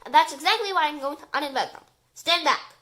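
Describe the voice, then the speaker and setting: A woman voicing a pompous, easily offended male professor in a storybook reading, with loud, drawn-out pronouncements. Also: sits high, expressive. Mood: indignant.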